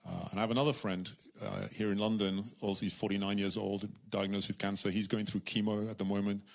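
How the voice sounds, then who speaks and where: A middle-aged man preaching a sermon, telling a story with lively repetition and acting out the voices of the people in it. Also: fairly low pitch, quick pace, creaky. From United Kingdom. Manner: animated storytelling, repeats words, acts out voices.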